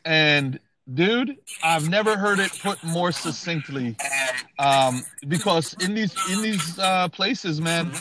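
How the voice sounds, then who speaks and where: Brooklyn comic, ny accent, keeps saying bro, kinda high voice, hissy noisy track. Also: male voice, slow. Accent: New York. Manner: animated, emphatic, swears, says bro and dude a lot. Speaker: comedian host. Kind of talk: casual podcast chat.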